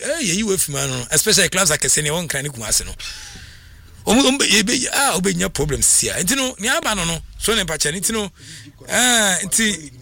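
A man with a Ghanaian accent presenting football talk on radio, animated, switching between languages. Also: high-pitched. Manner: animated, mixing languages, frequent laughs. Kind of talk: radio sports commentary.

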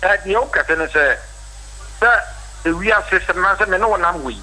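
Bright-voiced Ghanaian doctor guest. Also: male voice, high voice, rough recording. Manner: explanatory, measured advice. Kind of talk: radio talk show.

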